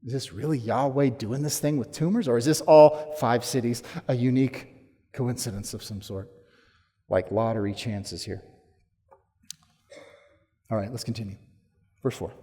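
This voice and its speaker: A man preaching a sermon as pastor, emphatic, rising to forceful challenges and then dropping low. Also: moderate pace, pauses often, husky. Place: church sanctuary. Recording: long hall reverb.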